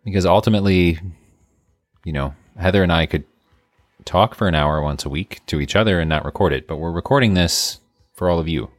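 Very deep-voiced man, dry close sound. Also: a little fast, no room sound. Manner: easygoing, agreeable, laughs along. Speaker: podcast co-host. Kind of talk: casual podcast chat.

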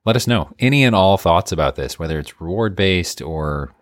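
A man's voice: low-pitched, animated, moderate pace, no room sound, clean studio sound. A man co-hosting a podcast, chatting in an easygoing, agreeable way and laughing along. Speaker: podcast co-host. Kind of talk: casual podcast chat.

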